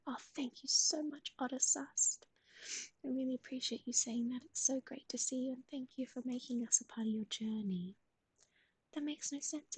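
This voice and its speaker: Breathy whispering woman cooing softly. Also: sits high, dry recording. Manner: soft cooing baby talk to a pet. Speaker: livestream host. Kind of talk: whispered pet livestream chat.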